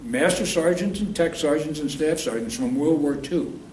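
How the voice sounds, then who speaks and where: A man's voice: on the high side, moderate pace, a little mellow. A man in his eighties from New York State, rambling through war memories in an oral history interview and correcting himself as he goes. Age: 80s. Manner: rambling storyteller who corrects himself mid-sentence. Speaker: veteran interviewee. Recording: roomy, distant mic, faint noise.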